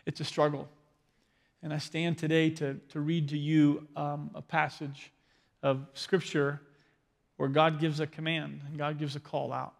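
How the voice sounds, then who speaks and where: This pastor, a man in his thirties, talks about parenting from the pulpit with a conversational, humorous touch, often quizzing the audience and making jokes at his own expense. His pitch is fairly high, and a long reverb tail trails his words.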